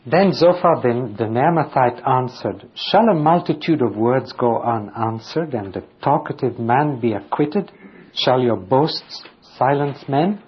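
Male Bible teacher, husky voice, verse-by-verse commentary, lo-fi tape sound. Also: medium pitch, lively intonation, unhurried. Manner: reads scripture aloud, then explains it plainly. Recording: dull lo-fi recording.

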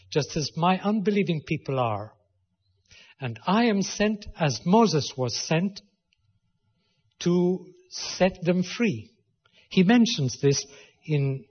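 A man's voice: a little high, breathy edge. A man preaching a sermon and reading scripture aloud, rising to emphatic stress on key phrases. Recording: lo-fi recording with long hall reverb.

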